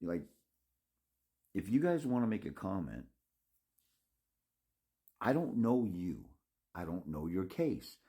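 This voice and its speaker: A man's voice: sits low, big pitch swings, takes it slowly, pauses often, dark tone. A man ranting to his viewers in a blunt, scolding, profane monologue, rambling with restarts and mocking asides. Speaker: father's rights consultant.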